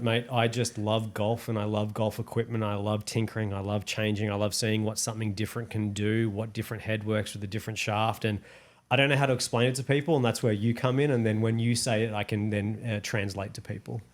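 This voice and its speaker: A man from Australia with an Australian accent, co-hosting a podcast in a relaxed, joking, enthusiastic chat. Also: lowish voice, a little fast. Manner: enthusiastic, joking, says mate. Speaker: podcast co-host. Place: in-person studio.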